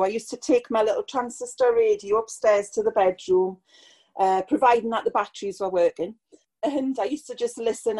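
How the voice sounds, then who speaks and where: A woman's voice: fairly high pitch, mellow. A Geordie woman in her sixties, a podcast guest reminiscing in a chatty, nostalgic way and laughing often. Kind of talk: casual conversational interview.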